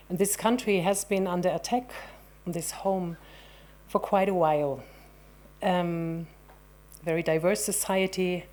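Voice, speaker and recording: A woman hosting a conference, formally introducing the next speaker in a measured way with pauses. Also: fairly low pitch, a little mellow. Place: conference hall.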